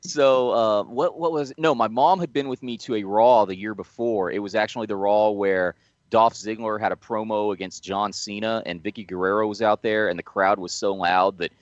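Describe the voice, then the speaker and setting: A man with a low voice spins a rambling story in easygoing podcast chat, stumbling over his words now and then. His mic sounds dry and a little muffled. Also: normal speed, no room sound. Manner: rambling anecdotes, frequent restarts and laughs. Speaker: podcast co-host.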